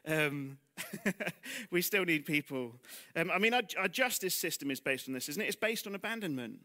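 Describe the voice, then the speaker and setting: Here a man gives a sermon in church with a fairly high, expressive voice, a sharp tone, and normal speed. He talks in a conversational way, asks rhetorical questions, and pokes fun at himself, falling almost to a whisper when the lines turn heavy.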